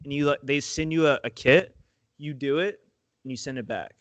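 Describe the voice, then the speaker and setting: A man's voice: mid-range voice, normal speed, dry recording, lo-fi sound. A young man co-hosting a podcast in casual chat, slangy and swearing often, calling his friend dude and bro. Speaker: podcast co-host.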